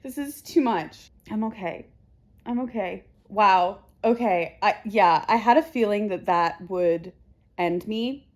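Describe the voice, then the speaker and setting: A teary, emotional woman book vlogger talking to camera, halting and repeating herself softly. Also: medium pitch, expressive. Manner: halting, repeats herself, soft trailing phrases. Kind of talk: casual chat to camera.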